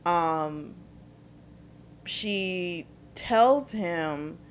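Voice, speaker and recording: A woman with a somewhat low voice chats through a book's plot for her channel. She talks loosely and conversationally, padding her sentences with fillers as she recaps scene after scene. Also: expressive, extremely slow, a little hiss or hum. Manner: chatty, retells scenes with lots of fillers. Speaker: book reviewer.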